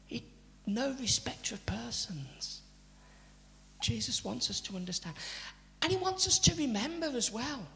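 A man preaching a sermon, chatty and animated, with asides to the congregation. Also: sits high, vocal fry. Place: church. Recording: church hall reverb, faint hum.

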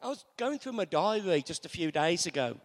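Male preacher, high lively voice, hall reverb, call-and-response sermon. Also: a little fast. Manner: animated, repetitive call-and-response with congregation. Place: church.

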